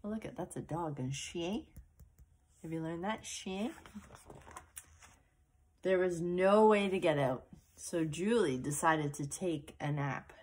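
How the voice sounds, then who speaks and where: A woman reading a picture book aloud to a child, slowly and expressively, with little asides about the pictures. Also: on the low side, a little mellow, slightly rough.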